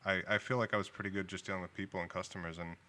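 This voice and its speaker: A man's voice: low-pitched, fairly even intonation, very fast, sharp tone. A man with a New England accent, a liquor store owner telling his story in a casual interview, laughing easily. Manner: laughs easily, acts out quoted dialogue.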